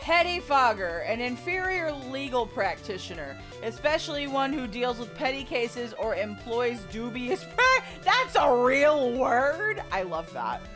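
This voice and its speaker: A woman's voice: a little high, sing-song, measured pace, few pauses. Chatty young woman playing a game. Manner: chatty, reads dialogue aloud. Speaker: let's play host. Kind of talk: game playthrough commentary. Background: game music.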